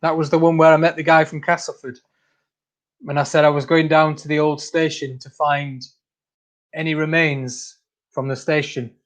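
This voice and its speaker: Bloke chatting on a livestream, voice on the high side, laughs a lot, calls everyone mate. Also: male voice, little pitch movement, moderate pace. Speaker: channel host. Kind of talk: casual livestream chat reading comments.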